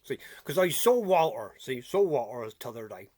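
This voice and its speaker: A man's voice: mid-range voice, big pitch swings, normal speed, a little mellow. A man playing a chatty, giggly old countryman with rheumatism, rambling folksy gossip and repeating himself in a comic character video. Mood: gossipy.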